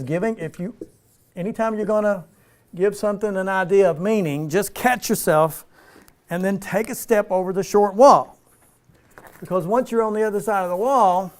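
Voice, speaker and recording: A man leading an informal spiritual teaching for a small group, relaxed and playful, slowing down for emphasis. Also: sits high. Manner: relaxed, playful, laughs often, slows for emphasis.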